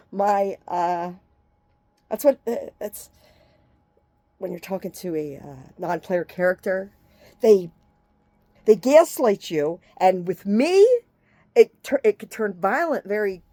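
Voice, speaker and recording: A woman's voice: mid-range voice, expressive, slow pace, long pauses, warm tone, no echo. A woman giving a rambling, agitated rant straight to the camera, swearing freely and jumping from topic to topic in broken fragments. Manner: agitated, profane, jumps between topics; speaks in fragments with frequent restarts.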